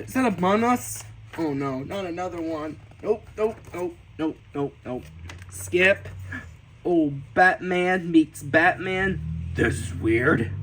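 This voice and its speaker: A man casually flipping through his sketchbooks on a vlog, gasping and gushing with excited exclamations. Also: high voice, a little hiss or hum, low-quality recording. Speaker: artist showing his sketchbooks.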